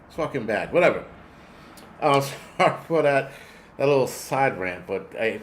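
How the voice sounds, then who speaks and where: A man in his forties, hosting a loose livestream and swearing constantly as he rambles from one gripe to the next. His voice sits at an ordinary middle pitch, with a faint hiss of noise behind it as he answers his chat. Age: 40s. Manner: profane, rambling, talks back to chat. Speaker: host. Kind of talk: casual livestream rant.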